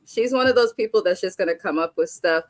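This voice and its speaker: A woman's voice: mid-range voice, fast talker, dry recording. A young adult woman hosting a live stream, giving a casual, blunt recap of a reality show with frequent chatty asides.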